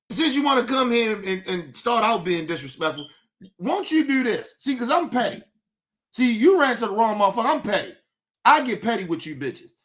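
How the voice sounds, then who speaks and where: Guy with a real high, sharp voice cussing people out on his stream, picking fights. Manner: profane, combative, taunting. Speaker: host. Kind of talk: livestream commentary rant.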